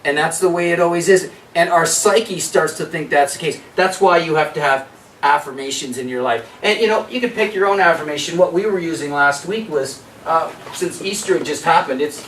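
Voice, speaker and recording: A man giving a health workshop, talking lively and asking the audience questions. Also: a little high, a little hiss or hum. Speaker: workshop presenter. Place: workshop room. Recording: echoey room, distant mic.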